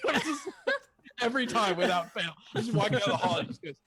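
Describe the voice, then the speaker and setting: A man's voice: high voice, animated, brisk, background noise. A man playing a tabletop game who talks in an exaggerated bubbly voice and laughs through his stories. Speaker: player.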